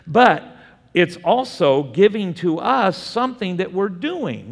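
A man's voice: high voice, sing-song, slow pace, gravelly. A man preaching a Bible study sermon, asking the room questions and answering them himself. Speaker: pastor teaching a Bible study. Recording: long hall reverb.

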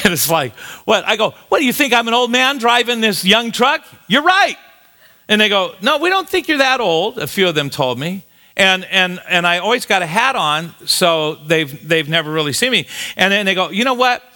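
A man's voice: high voice, animated, moderate pace, pushed and bright. A man in his late sixties preaching a sermon, telling a funny personal story with lots of stumbles and repeated words. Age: 60s. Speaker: pastor.

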